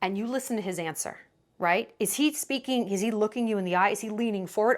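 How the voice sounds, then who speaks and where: A woman's voice: mid-range voice, fast talker. A young woman talking to camera with dating advice, emphatic and dramatic, slipping into quoted voices. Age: young adult. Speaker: vlogger giving dating advice. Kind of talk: casual to-camera commentary.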